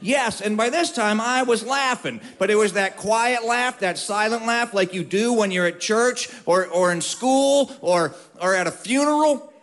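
A man telling a funny story to an audience, with wry, drawn-out comic timing. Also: high-pitched, fairly bright tone.

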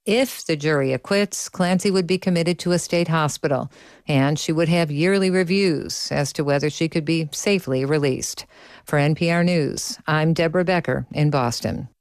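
Low-voiced female radio news reporter. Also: moderate pace, no echo, studio quality. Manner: steady, even news delivery. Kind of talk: scripted radio news narration.

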